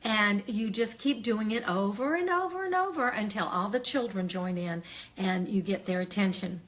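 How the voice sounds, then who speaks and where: An older woman, an early childhood educator, giving friendly, encouraging classroom tips between slow, singsong chant demonstrations. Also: mid-range voice, animated. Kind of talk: teacher training demonstration.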